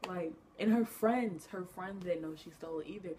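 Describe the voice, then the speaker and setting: A woman's voice: fairly low pitch, normal speed, dark tone, a little hiss or hum. A woman telling a story on her vlog, chatty, full of "like" fillers, acting out what people said. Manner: chatty, many "like" fillers, acts out quotes. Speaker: vlogger.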